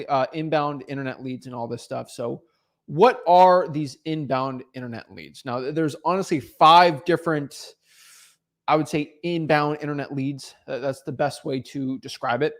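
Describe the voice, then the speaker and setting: A man's voice: fairly high pitch, moderate pace. A man hosting a coaching livestream, talking bluntly and teasingly, often stumbling and repeating words. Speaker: real estate wholesaling coach hosting a livestream. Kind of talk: unscripted livestream coaching talk.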